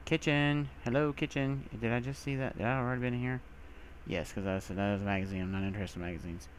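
A young man giving let's play commentary, talking to himself and breaking into panicked shouts, over faint game music. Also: medium pitch, steady tone, quick pace, slight background noise. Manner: jumpy, talks to himself, bursts into panicked shouts. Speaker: gaming video creator.

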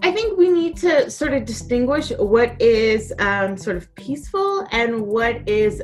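A woman historian giving thoughtful interview answers, pausing with fillers as she thinks. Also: fairly high pitch, sing-song. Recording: faint music behind.

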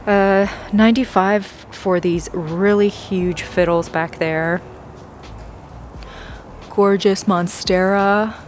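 A woman's voice: medium pitch, fairly even intonation, takes it slowly, slight background noise. A woman vlogging a plant shopping trip in a store, gushing and gasping with delight, often dropping to an awed whisper. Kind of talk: excited shopping vlog. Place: big box store garden section.

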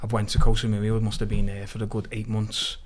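Scouse lad spinning stories on a podcast, swears loads, laughs a lot. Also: male voice, lowish voice, quick pace, breathy edge. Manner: animated, swears freely, laughs through his stories. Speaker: podcast guest. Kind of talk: casual storytelling.

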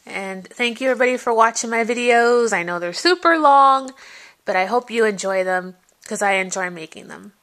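A woman vlogger chatting casually through an unboxing, gushing, her voice jumping high when something delights her. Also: moderate pace, a bit bright. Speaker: vlogger showing a gift package.

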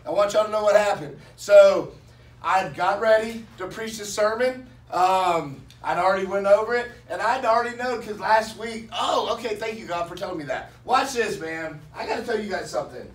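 A male pastor preaching a sermon and leading prayer in an excitable, lively way. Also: high-pitched, normal speed. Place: church hall. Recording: echoey church from far off.

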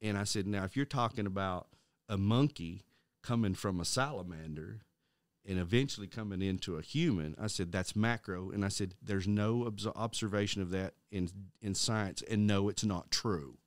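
A middle-aged man co-hosting a casual Christian podcast, telling a story with halting restarts and acting out the voices of the people in it. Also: fairly low pitch, dry recording, studio quality. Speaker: podcast co-host.

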